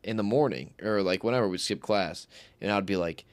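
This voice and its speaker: A man's voice: lowish voice, a little fast, dry recording. A young man streaming live, telling rambling, slangy stories and swearing often. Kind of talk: casual storytelling on a livestream.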